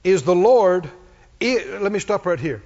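A man's voice: sits high, animated, unhurried, darkish tone. A man preaching a sermon, repeating phrases and calling for responses from the congregation. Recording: dull audio in a reverberant hall.

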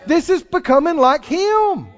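A man preaching a sermon to a congregation, animated and throwing questions back at the listeners. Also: very high-pitched, unhurried. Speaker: pastor. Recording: dull lo-fi sound with long hall reverb.

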